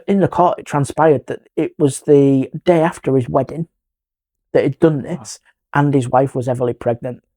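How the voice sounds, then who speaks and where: A middle-aged man, a paranormal investigator, telling a ghost story in casual chat and acting out the voices in it. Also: on the high side. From England. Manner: animated, acts out quoted voices, drops to a hush.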